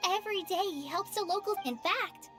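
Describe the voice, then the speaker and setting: A woman voicing a shy, gentle young forest ranger in a video game, soft-spoken and hesitant. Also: very high-pitched, brisk. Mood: earnest. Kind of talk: video game cutscene voice acting. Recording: game audio with music underneath. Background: game background music.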